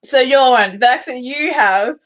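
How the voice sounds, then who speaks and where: A woman hosts a relaxed interview. She talks in a chatty way with frequent fillers and laughs easily. Her voice sits a little higher than usual. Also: normal speed. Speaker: host. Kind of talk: casual interview chat.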